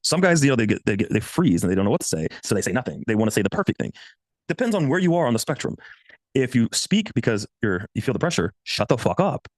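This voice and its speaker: A man's voice: fast, no echo. A man in his thirties giving blunt, profane dating advice in a casual coaching monologue. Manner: blunt, profane, animated, swings pitch for quoted voices.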